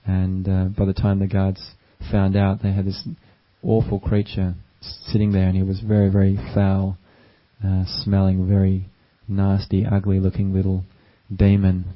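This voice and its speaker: A male meditation teacher gives a gentle, unhurried dharma talk. His deep voice stays very flat and even. The recording is dull and lo-fi. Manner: gentle, unhurried, with many fillers.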